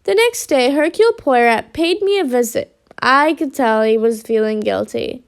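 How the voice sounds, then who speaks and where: A woman reading a children's storybook aloud with lively expression. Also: sits high, moderate pace, gravelly, hardly any pauses, clear, resonant tone.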